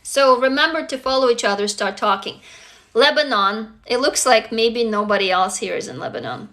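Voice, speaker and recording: A woman's voice: fairly high pitch, moderate pace, pushed and bright. A woman hosting a live stream, chatting and encouraging viewers, addressing them directly. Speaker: livestream host. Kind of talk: casual live-stream pep talk.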